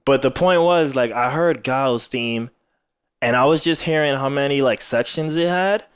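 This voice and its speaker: A man's voice: medium pitch, normal speed, smooth. Tired male podcast host, rambling casual talk with laughs, mid-range voice. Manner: laughs often, rambling with many fillers. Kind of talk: casual chat.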